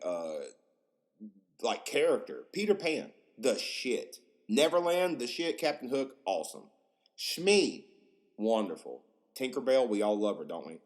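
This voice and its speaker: A man in his twenties hosting a podcast, rambling casually, swearing a lot and getting excited. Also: mid-range voice. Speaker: podcast host.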